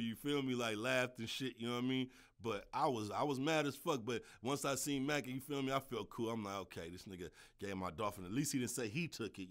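A man telling a story on his podcast in a loose, slangy, animated way, with constant "you dig" and "you feel me" asides. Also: medium pitch. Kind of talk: casual storytelling monologue.

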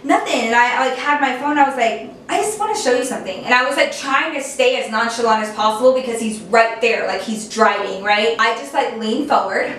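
A young woman casually telling a storytime, chatty and animated, with lots of "like" fillers. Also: on the high side, moderate pace, few pauses, slight background noise. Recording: echoey room, voice a bit distant from mic.

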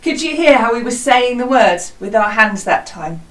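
A woman's voice: on the high side, lively intonation, normal speed, a bit bright, distant mic, poor audio. A British woman teaching a home music lesson to young children, in an encouraging singsong teacher manner. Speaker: primary school music teacher. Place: small hut classroom.

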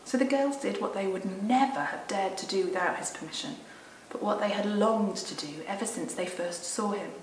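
A woman, a children's Sunday school leader, gently and expressively reading a storybook aloud. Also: mid-range voice, moderate pace, hardly any pauses, roomy sound, slight background noise, rough recording.

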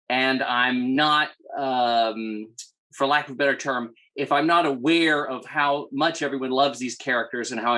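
A man, an artist guest, answering in an earnest, measured way. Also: mid-range voice, pushed and bright, poor audio. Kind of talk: conversational interview answer.

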